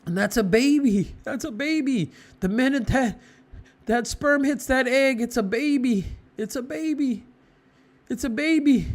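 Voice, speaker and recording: A man's voice: very high voice, measured pace. A man preaching with fervent conviction, hammering home short repeated phrases. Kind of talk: impassioned moral preaching.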